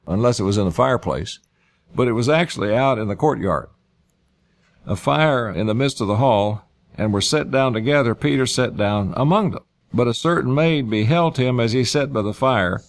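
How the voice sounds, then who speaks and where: A man preaching through a Bible passage verse by verse, reading each verse aloud and then restating it in plain everyday words, often repeating key phrases for emphasis. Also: medium pitch. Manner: reads scripture aloud then paraphrases it in plain speech.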